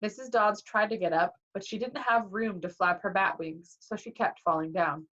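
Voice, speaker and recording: A woman reading a novel aloud in a lively way, acting out the dialogue, on a dull lo-fi recording. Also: mid-range voice, normal speed. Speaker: reader.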